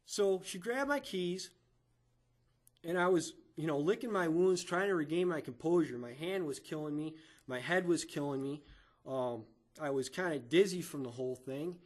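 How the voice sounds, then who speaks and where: A man giving emotional testimony in a courtroom, halting and stammering, often repeating his words as he recounts events. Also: a little high.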